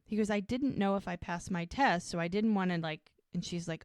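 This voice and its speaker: Low-voiced woman recapping a TV episode. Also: fairly quick, hardly any pauses, clean tone, no room sound, clean studio sound. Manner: retells scenes, quoting characters in a lightly raised voice. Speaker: podcast co-host.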